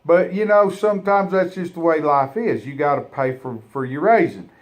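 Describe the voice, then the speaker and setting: A man telling a funny folksy story, rambling with halting restarts. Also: on the high side, expressive, highs cut off.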